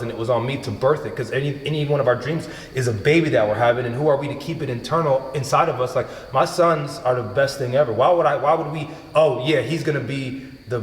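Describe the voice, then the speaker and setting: A man hosting a podcast, telling stories in a casual, animated way, acting out quotes and swearing freely. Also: mid-range voice. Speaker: podcast host. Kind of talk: casual chat. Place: home gym. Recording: echoey room with long reverb.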